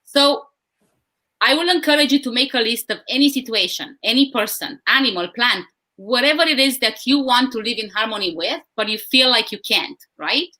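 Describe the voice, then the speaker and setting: A woman's voice: on the high side, lively intonation, moderate pace, sharp tone. A woman speaking earnestly in a live discussion, often repeating words as she thinks. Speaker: guest speaker.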